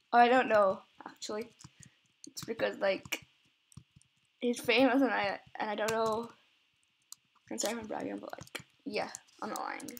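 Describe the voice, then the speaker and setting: A woman's voice: mid-range voice, gravelly, slight background noise. A woman chatting casually while playing and recording an online game, giggling often and exclaiming when surprised. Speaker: gamer recording gameplay.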